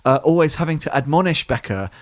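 A man chats as a correspondent on a panel, his slightly high voice rising and falling with animation. He tells a playful story with halting restarts and asides. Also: animated. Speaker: correspondent in London. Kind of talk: casual panel chat.

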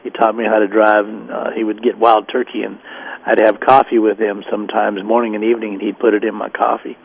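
This Denver, Colorado man speaks a little fast in a fairly low, husky voice with vocal fry and little pitch movement. A guest and former gang member, he recounts his life and performs the voices of those he quotes, heard through a tinny phone line.

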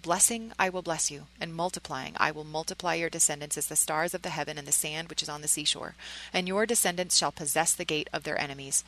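This is the voice of God in a storybook, performed by a woman reader, delivering its decree slowly and with grave solemnity. The voice sits low but has a sharp, bright edge. Every phrase is weighed and measured. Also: steady tone, slight background noise, rough recording. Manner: solemn, slow and declaiming. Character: commanding voice of God from heaven, male.

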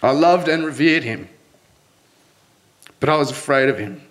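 A man in his younger years tells a personal story from the stage. His voice sits at a middle pitch. He speaks earnestly, and nervous laughs often break into his lines. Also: animated, moderate pace, fairly bright tone.

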